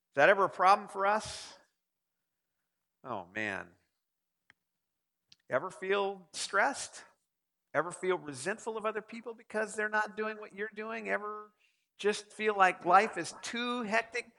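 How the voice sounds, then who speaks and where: Lively, high-voiced male preacher. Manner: rhetorical questions to the congregation. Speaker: pastor. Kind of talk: sermon.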